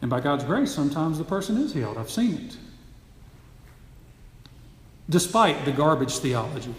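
A man's voice: on the high side, big pitch swings, brisk. A man preaching a sermon, teaching earnestly and building to emphatic, repeated phrases. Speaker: pastor. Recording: echoey hall, long reverb.

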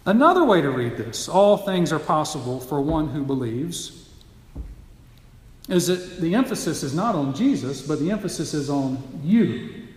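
Male pastor, slightly high voice, earnest teaching sermon, long church-hall reverb. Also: sing-song, normal speed. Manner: earnest teaching, building to emphatic repetition.

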